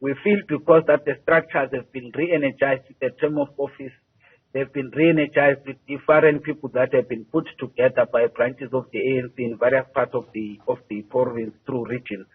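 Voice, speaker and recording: A man, a party spokesperson answering a news interview by phone, measured and halting, with many hesitations and repeated words. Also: mid-range voice, steady tone, breathy edge. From South Africa. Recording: tinny phone line.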